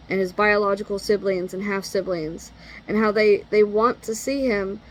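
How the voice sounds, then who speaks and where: A woman's voice: mid-range voice, a little hiss or hum, low-quality recording. A middle-aged woman venting in an exasperated, blunt monologue and swearing freely. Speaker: parent venting.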